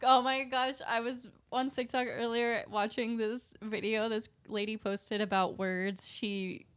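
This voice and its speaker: A woman's voice: fairly high pitch, steady tone, unhurried, clean tone. A woman co-hosting a podcast, chatty and giggly as she tells stories and signs off. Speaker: podcast co-host. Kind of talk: casual chat.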